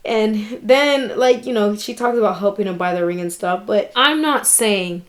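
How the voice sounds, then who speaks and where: A woman's voice: a little high, measured pace, few pauses. A woman vlogger giving candid, indignant commentary on a documentary, talking casually and swearing now and then.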